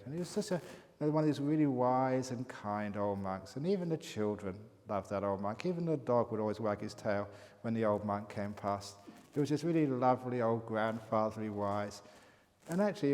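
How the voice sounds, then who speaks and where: A Buddhist monk teacher telling a story in a relaxed, chatty Dharma talk, often chuckling. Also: male voice, medium pitch. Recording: long hall reverb.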